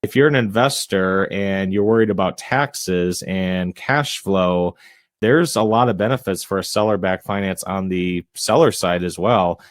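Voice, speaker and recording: A man who is a real estate investor and realtor, a guest on a casual podcast interview, talking in a measured, introverted way with frequent filler phrases. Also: deep voice, no room sound. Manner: measured, self-described introvert, frequent "you know" fillers. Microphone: podcast microphone.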